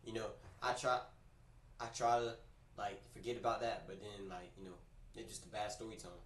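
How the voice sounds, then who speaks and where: A man on a livestream telling a story in a casual, animated, slangy way, often repeating his phrases, recorded in a roomy space away from the mic. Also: on the low side, moderate pace, distant mic, slight background noise. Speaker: streamer.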